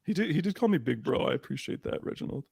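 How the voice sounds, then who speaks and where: A man's voice: medium pitch, lively intonation, quick pace, vocal fry, a little mellow, husky, no room sound, clean studio sound. A man co-hosting a casual live-streamed wrestling podcast, rambling and swearing, with many fillers and restarts. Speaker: podcast co-host. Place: room by candlelight. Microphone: handheld microphone.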